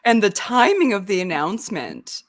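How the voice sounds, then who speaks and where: A woman's voice: mid-range voice, huge pitch swings, moderate pace. Wry woman podcast co-host. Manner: wry, sarcastic quips. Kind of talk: casual chat.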